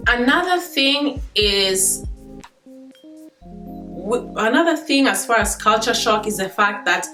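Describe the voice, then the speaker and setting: A woman's voice: fairly high pitch, animated, takes it slowly, sharp tone, reverberant, faint music behind. A Kenyan woman in her thirties, chatting casually to camera as a vlogger, laughing between points.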